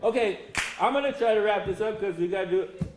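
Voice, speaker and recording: Older man, high voice, folksy humorous storyteller, roomy hall, faint background hum. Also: fast. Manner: folksy, humorous, addresses the audience directly. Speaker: symposium speaker. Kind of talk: storytelling talk to an audience. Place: lecture hall.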